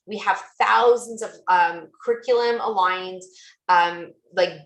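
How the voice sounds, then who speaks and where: A woman's voice: mid-range voice, a bit bright, roomy sound, low-quality recording. A woman presenting a tool demo over a video call, chatty and gushing, with many fillers. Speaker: guest presenter.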